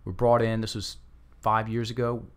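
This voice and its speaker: A man in his thirties, a language coach as guest, telling stories in a lively conversational way, acting out what people said, often restarting his sentences. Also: on the low side, normal speed, clean tone. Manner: animated, acts out quotes, frequent restarts. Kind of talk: conversational storytelling interview.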